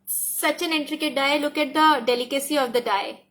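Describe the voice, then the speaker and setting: A woman's voice: sits high, moderate pace, fairly bright tone. A woman with an Indian English accent, a craft die designer giving an enthusiastic product demonstration, often repeating herself and slipping into Hindi. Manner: enthusiastic, repeats "look at this", code-switches to Hindi.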